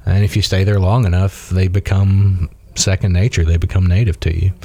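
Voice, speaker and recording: A man with a low, mellow voice tells rambling stories in a casual chat, full of fillers and restarts. He grew up in Mississippi. The recording is dry and close. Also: flat delivery, normal speed, no echo. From Mississippi, USA. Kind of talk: casual conversation.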